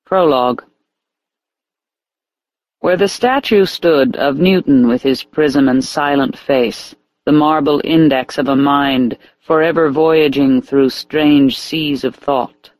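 A man reading an audiobook as narrator in a measured, even way. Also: fairly high pitch, no echo, poor audio. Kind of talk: scripted narration.

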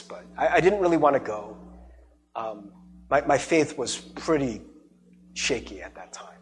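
Animated man preaching a sermon. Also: medium pitch. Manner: animated, laughs often, acts out quoted voices. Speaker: pastor. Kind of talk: sermon with personal storytelling.

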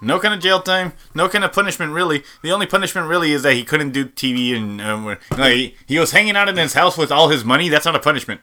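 A man's voice: on the high side, quick pace, hardly any pauses, sharp tone, a little hiss or hum. A man co-hosting a casual podcast chat, blunt and profane, giving strong opinions. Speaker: podcast co-host.

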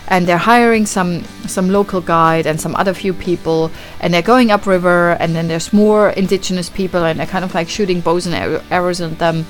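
A woman's voice: on the low side, steady tone, fairly quick, hardly any pauses, faint music behind. A woman hosting a podcast, casually recapping a film with lots of swearing and acted-out reactions. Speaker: podcast host. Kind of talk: casual film review chat.

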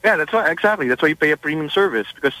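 A man calling in to a radio show to pitch an idea, hesitant and restarting often. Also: expressive, racing, bright, forceful tone, no echo, low-quality recording. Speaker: caller.

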